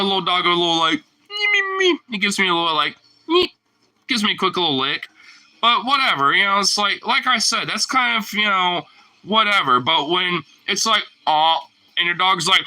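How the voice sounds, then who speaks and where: A man talking in a casual, rambling monologue, slangy and profane and full of fillers, moving between loud outbursts and low mutters. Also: low-quality recording.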